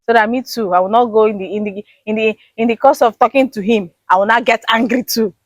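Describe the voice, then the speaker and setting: Wife explaining calmly, dry close sound. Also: female voice, a little high, fast, dry recording. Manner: explains patiently, acts out dialogue. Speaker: interviewed wife. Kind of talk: casual interview chat.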